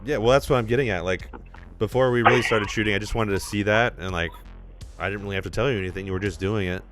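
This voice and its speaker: A man's voice: lowish voice, fast, music in the background. A man hosting a podcast in casual chat, easygoing and loose, with lots of "like" fillers. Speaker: podcast host and filmmaker.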